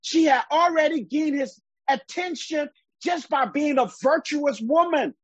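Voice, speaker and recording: A woman's voice: high voice, measured pace, no room sound. A woman teaching a Bible study in the style of a sermon, reading verses aloud and then explaining them with emphasis. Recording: dull, lo-fi sound.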